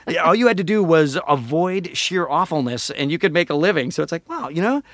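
A man, a voice actor and comedian, talking in a casual interview with animated, jokey delivery and lots of filler words. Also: fairly high pitch, brisk, dry recording, clean studio sound.

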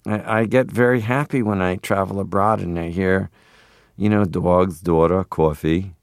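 A man's voice: deep voice, steady tone, moderate pace, no echo, studio quality. A man in his forties from Canada, a guest in a radio interview, talking playfully and rambling into funny voices.

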